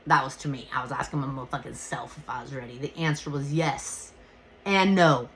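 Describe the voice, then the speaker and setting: A woman hosting a podcast, telling a personal story in a casual, animated way and swearing freely. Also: a bass voice, brisk, a little hiss or hum. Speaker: podcast host.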